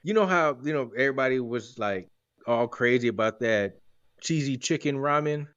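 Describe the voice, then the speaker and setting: A man's voice: mid-range voice, normal speed, fairly bright tone, clean tone, dry recording. A man in his forties hosting a podcast, telling rambling stories in a joking, casual way. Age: 40s. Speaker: podcast host. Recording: dry, dull lo-fi sound.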